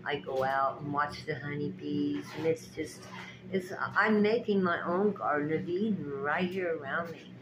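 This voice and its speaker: A woman's voice: deep voice, moderate pace, noisy background. A woman giving a spiritual pep talk with tarot readings, speaking to her viewers in a preachy, emphatic, folksy way with lots of repetition. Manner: folksy, direct address to viewers.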